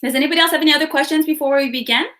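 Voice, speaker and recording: Speaking rapid-fire in a high, slightly bright voice, a woman leads a live online workshop from a home room with a window. She keeps the webinar chat upbeat and greets each viewer by where they're from.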